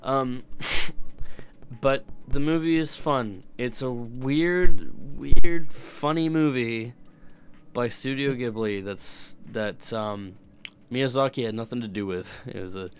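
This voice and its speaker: A young man with a mid-range voice chats slowly and casually on a stream. He rambles and swears, regularly breaking off mid-sentence to start over.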